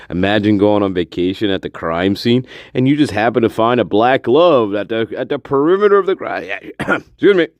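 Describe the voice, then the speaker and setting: A man's voice: lowish voice, expressive, moderate pace, no room sound, highs cut off. A man hosting a casual livestream, sarcastic and profane, laughing often as he mocks. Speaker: livestream host.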